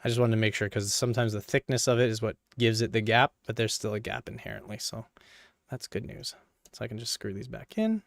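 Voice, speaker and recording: A man with a gravelly, creaky edge to his voice, chatting casually and playfully as he works through a hands-on build. He jokes with his viewers and mutters to himself along the way. The sound is dry and close, with no room echo. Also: on the low side, a little fast. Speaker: PC hardware video creator. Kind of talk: casual running commentary while working.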